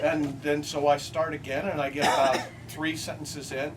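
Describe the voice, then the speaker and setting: A middle-aged man, an author at a book signing, reading comic pieces and telling stories to an audience with a wry, deadpan delivery. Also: a little high, moderate pace, hardly any pauses. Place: bookstore event room with a live audience. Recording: distant amateur recording, loud crowd laughter and noise.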